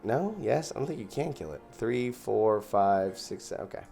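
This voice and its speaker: A man's voice: fairly low pitch, expressive, normal speed, vocal fry, dark tone, faint music behind. A man giving casual gameplay commentary as host, thinking aloud and counting out his mana as he plays. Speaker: gaming channel host.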